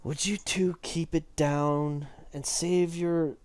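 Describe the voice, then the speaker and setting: A man voicing an irritated female acolyte who slowly scolds two chatterers. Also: on the high side, little pitch movement, a little mellow, smooth, dry recording, voice pushed up. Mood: annoyed.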